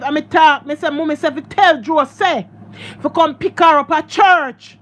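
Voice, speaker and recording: High-voiced Jamaican woman telling her story. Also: normal speed, fairly bright tone. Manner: emotional, repetitive, addresses viewers as guys. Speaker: social media storyteller. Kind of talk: casual storytelling to followers.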